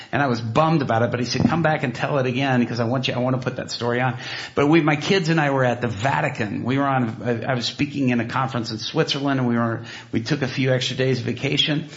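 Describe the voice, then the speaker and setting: A man preaching and telling a story, animated, with many restarts and asides, jumping into loud, high bursts when he acts out what people said. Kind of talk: sermon storytelling. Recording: dull lo-fi sound.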